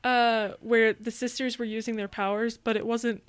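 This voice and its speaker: Brief: excitable American woman co-host, slightly high, dry close sound. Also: normal speed, clear, resonant tone, no echo. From United States. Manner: excitable, jumps topics, swears casually. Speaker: podcast co-host. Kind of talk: casual chat.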